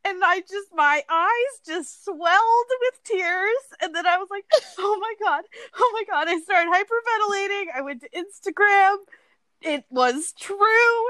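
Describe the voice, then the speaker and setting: High-voiced giggly woman podcast host. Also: animated, a little slow, pushed and bright, dry recording. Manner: giggly, gushing, often laughing. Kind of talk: casual chat.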